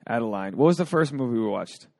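A man's voice: medium pitch, expressive, quick pace, vocal fry, a little mellow, no room sound. A man hosting a podcast, chatting casually in a rambling, jokey, self-mocking way. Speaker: podcast host. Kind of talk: casual chat.

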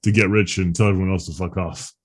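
A man co-hosting a podcast in casual chat, joking easily and laughing often, with a husky voice. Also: deep voice, steady tone, quick pace. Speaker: podcast co-host.

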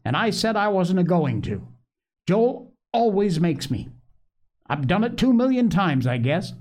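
A reader voicing an indignant, eager little boy in a storybook reading, with a raised, excited child voice. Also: mid-range voice, measured pace, pitched above the performer's own voice.

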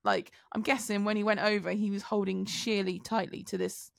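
A woman co-host telling a casual, rambling story about her truck, full of fillers. Her voice is gravelly with fry. The recording is dry and close. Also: mid-range voice, little pitch movement, moderate pace, no echo. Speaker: podcast co-host, truck driver.

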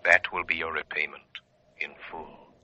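Deep, slow, commanding invisible avenger; old radio play, dull recording. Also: male voice, little pitch movement, bright, forceful tone, slight background noise, heavily acted. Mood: solemn. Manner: slow, booming, menacing laugh. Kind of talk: 1930s radio drama acting.

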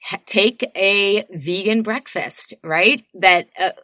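Lively laughing woman podcast guest. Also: no echo. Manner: animated, laughing, quick jumps in pitch. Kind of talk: casual chat.

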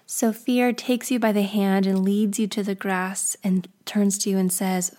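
A woman hosting a podcast, narrating a guided story in a soft, often half-whispered way. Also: mid-range voice, fairly even intonation, moderate pace, few pauses. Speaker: podcast host.

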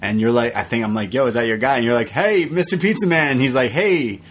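A man's voice: mid-range voice, fast. A young adult man co-hosting a podcast, telling stories in casual chat and acting out the quotes. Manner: animated storytelling, acts out quotes. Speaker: podcast co-host.

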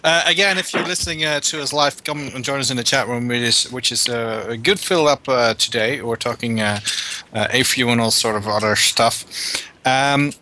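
A man's voice: medium pitch, normal speed, pushed and bright, a little hiss or hum. A man hosting a web radio talk show, chatting casually with many hesitant filler sounds. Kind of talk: casual interview chat.

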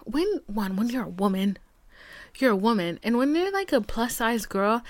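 A woman's voice: fairly high pitch, expressive, normal speed, no room sound. A woman in her twenties hosting a podcast, venting in a blunt, profane, heated way, dropping to whispered asides. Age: 20s. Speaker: podcast host. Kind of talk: candid solo podcast talk.

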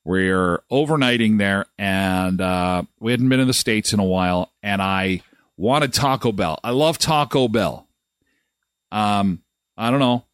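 A man's voice: lowish voice, unhurried, fairly bright tone, clear, resonant tone, dry recording, clean studio sound. A middle-aged man hosting a live daily show, telling a funny story casually. His voice jumps up when he retells the moments that annoyed him.

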